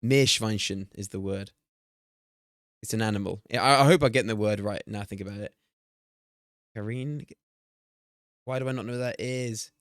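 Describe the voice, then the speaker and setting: A man in his twenties streaming casually, excitable, swearing and chatting to his viewers. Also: fairly low pitch, moderate pace, long pauses, clean tone, no room sound, studio quality. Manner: excitable, swears and laughs often, talks to chat. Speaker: streamer hosting a watch party. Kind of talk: casual live-stream chat while playing a guessing game.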